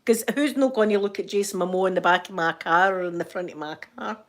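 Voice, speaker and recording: A woman's voice: lowish voice, fast. An older woman with a Scottish accent chatting casually to her viewers at home. She rambles through stories with frequent laughter and fond asides. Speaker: vlogger. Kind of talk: casual chat to camera.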